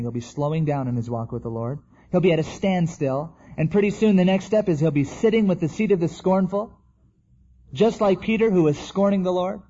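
A man's voice: sits high, mellow, slightly rough, highs cut off. A man preaching a sermon in a conversational way, acting out the quotes he tells. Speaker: pastor.

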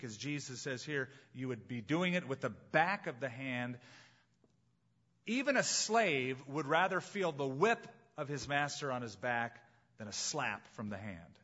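A man preaching a sermon as pastor, emphatic and slowing down to stress key phrases. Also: medium pitch, animated, sharp tone, highs cut off.

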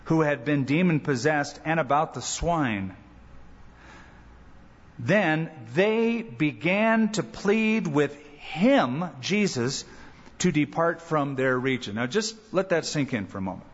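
A man preaching a sermon as pastor, animated, acting out quoted voices. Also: takes it slowly. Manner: animated, acts out quoted voices with rising pitch. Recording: dull church recording with long reverb.

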